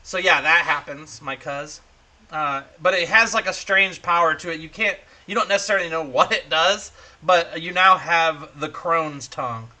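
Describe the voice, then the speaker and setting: Bright-voiced, swearing game master. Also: male voice, on the high side, moderate pace. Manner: casual, profane, animated storytelling. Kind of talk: narrating a tabletop game.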